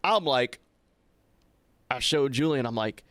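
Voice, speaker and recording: A young man, co-hosting a podcast and telling a long personal story in a loose, animated way, often checking in with his co-host. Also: mid-range voice, normal speed, clean tone, no room sound. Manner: animated, chatty, frequent "right?" asides to his co-host. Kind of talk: casual storytelling chat.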